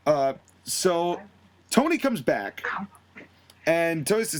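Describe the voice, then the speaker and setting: A man's voice: high voice, lively intonation, a little slow. A man hosting a podcast, animatedly recapping a wrestling storyline and acting out the characters' quotes in shifting voices. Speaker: podcast host. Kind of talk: casual recap of a fantasy wrestling booking.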